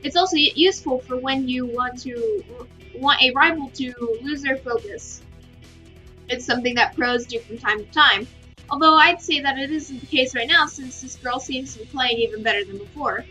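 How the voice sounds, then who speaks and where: A woman reading a visual novel aloud in first-person narration, steady with small stumbles. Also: high voice, moderate pace. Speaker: game reader. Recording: slightly muffled with faint music.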